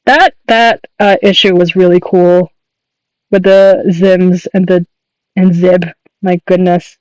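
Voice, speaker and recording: High-voiced rambling male streamer. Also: fairly even intonation, slow pace, smooth, dry recording, low-quality recording. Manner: rambling, enthusiastic, many fillers and restarts. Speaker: streamer and artist. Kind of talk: casual livestream chat.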